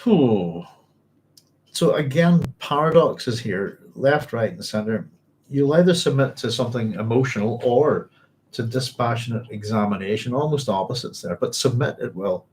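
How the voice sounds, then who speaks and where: A man's voice: mid-range voice, animated, moderate pace, a little mellow, a little hiss or hum. A man hosting a book club, reading passages aloud and thinking them through as he goes, often saying "if you like.". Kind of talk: reading aloud and discussing a novel.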